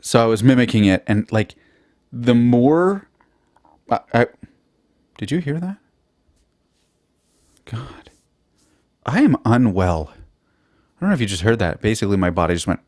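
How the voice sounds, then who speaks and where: A man's voice: on the low side, very animated, moderate pace, pauses often, a little mellow, no echo. Young guy on his own podcast, cursing nonstop, jumping around, voice bouncing all over, dry close sound. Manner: sweary, self-mocking, jumps between topics. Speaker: podcast host. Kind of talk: profane solo podcast rambling.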